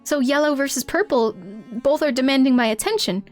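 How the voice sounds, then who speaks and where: A woman's voice: high-pitched, brisk, soft background music. A woman streaming a game live, laughing often and talking to her chat while reading out game lines. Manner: giggly, animated, reads out game lines.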